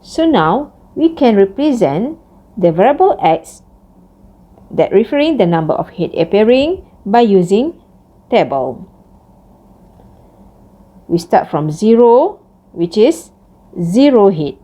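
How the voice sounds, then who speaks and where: A woman giving a recorded math lecture, explaining each step slowly. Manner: slow, lively pitch, explains step by step.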